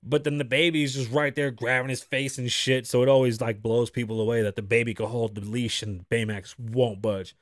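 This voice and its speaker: A man's voice: medium pitch, normal speed, few pauses, no echo, studio quality. A man hosting his own podcast, telling stories in a loose, profane, rambling monologue. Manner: profane, rambling, animated storytelling. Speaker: podcast host. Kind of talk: casual monologue.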